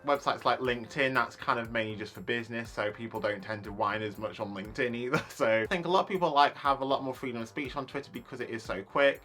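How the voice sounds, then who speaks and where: A man's voice: medium pitch, fast, hardly any pauses, pushed and bright, soft background music. A young man, ranting casually in a vlog, chatty and full of likes and you knows. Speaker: YouTuber.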